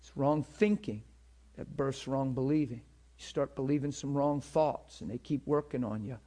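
A man's voice: medium pitch, normal speed, dark tone. A man teaching a class in a sermon style, conversational and often checking in with his listeners, repeating words as he builds a point.

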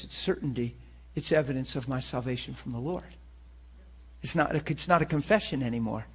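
A man preaching a sermon to a class, talking in an animated, conversational way. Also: mid-range voice, husky.

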